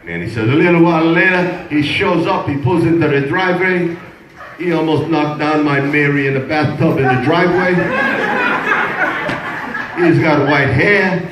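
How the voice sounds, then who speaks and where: A man's voice: on the high side, normal speed, background noise. An older man doing stand-up, telling rambling stories in a conversational way and laughing at his own jokes. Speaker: stand-up comedian. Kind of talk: stand-up storytelling. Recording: roomy echo, distant mic, loud room ambience.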